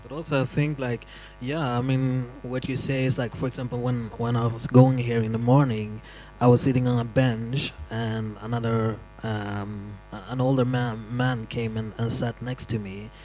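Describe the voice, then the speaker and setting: A man on a panel, telling a story in a halting, hesitant way. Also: mid-range voice, flat delivery, warm tone, faint music behind, poor audio. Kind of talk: panel discussion.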